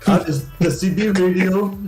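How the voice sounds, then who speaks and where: A man from Germany in a casual group chat, explaining things slowly and hesitantly. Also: sits high, darkish tone. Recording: roomy echo, faint music.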